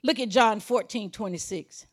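A woman's voice: mid-range voice, moderate pace. A woman pastor preaching a sermon, repeating key lines and building to emphatic, raised passages.

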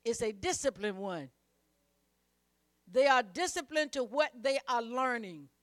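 A woman's voice: a little high, expressive, unhurried, fairly bright tone. A woman preacher delivering a sermon, emphatic and repetitive, calling on the congregation to repeat after her. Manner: emphatic, repeats phrases, calls on the congregation to respond.

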